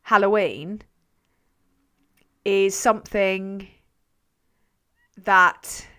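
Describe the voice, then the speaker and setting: A woman's voice: mid-range voice, fairly even intonation, drawn-out words, pushed and bright, clear, resonant tone. A woman hosting a casual live stream, reading out viewer comments in a rambling, self-mocking way, swearing freely and trailing off mid-sentence. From England. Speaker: channel host.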